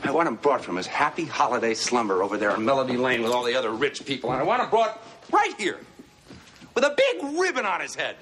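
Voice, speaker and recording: An actor playing a frazzled middle-aged father in a film comedy, ranting and shouting in rage. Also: medium pitch, sing-song, fast, noisy background, lightly acted. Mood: furious rant.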